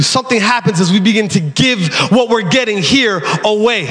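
A man preaching a lively, animated sermon as pastor, shouting at times. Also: high-pitched, moderate pace. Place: large church hall. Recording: live church hall with congregation.

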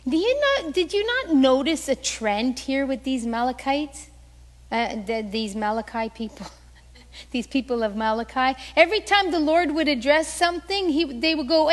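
Woman pastor for a sermon, unhurried delivery, acts out quoted lines, echoing church hall. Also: on the high side. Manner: animated storytelling, acting out quoted voices.

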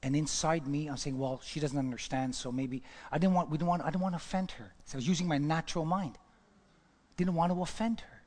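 A man preaching a sermon and telling a story, swinging between loud exclamations and hushed whispers. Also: on the high side, brisk. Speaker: pastor. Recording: long hall reverb.

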